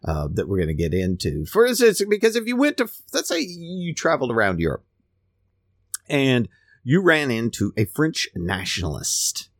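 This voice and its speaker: A man's voice: mid-range voice, wildly swooping pitch, normal speed, no echo, studio quality. A man hosting a podcast, talking in a casual, rambling monologue that is full of restarts and repeated words. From United States. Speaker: podcast host.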